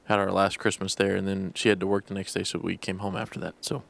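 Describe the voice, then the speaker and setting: Low gravelly young man chatting. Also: level tone. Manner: easygoing, quick reactions and laughs. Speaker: podcast co-host. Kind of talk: casual chat.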